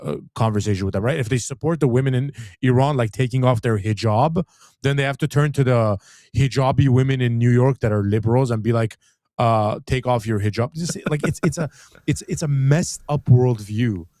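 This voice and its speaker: Rambling man, dark mellow voice. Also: medium pitch, fairly quick, dry recording. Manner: rambling, many restarts and filler "like". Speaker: co-host. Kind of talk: casual live-stream commentary.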